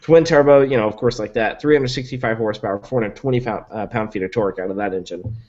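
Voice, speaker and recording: A man's voice: fairly low pitch, fast talker, a little mellow, lo-fi sound. A man talking in a casual podcast chat as a guest reviewer, enthusiastic and filling his talk with likes and ums. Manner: enthusiastic, rattles off specs with many likes and ums.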